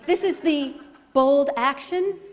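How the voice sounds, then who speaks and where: A middle-aged woman, a relationship therapist, giving a motivational talk at an expo, telling emotional personal stories with self-deprecating humor and leading a guided meditation. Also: sits high. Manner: leads a guided meditation in a slow, soothing voice. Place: large expo hall. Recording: long reverb in a large hall.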